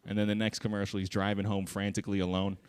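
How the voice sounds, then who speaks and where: A man's voice: fairly low pitch, monotone, fast. A man doing a stand-up comedy set on a theater stage, crude and profane, acting out little voices in his bits.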